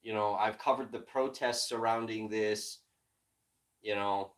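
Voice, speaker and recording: A man originally from Illinois, hosting a livestream and ranting in frustration, heavy with profanity and swinging from low muttering to loud outbursts. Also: fairly even intonation, unhurried, low-quality recording. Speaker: livestream host and independent journalist.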